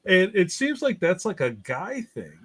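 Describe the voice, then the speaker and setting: A man's voice: sits high, very animated, unhurried, a bit bright, breathy edge, no room sound. A man speaking as a guest in a casual chat, talking in a loose, chatty way and putting on voices in his anecdotes.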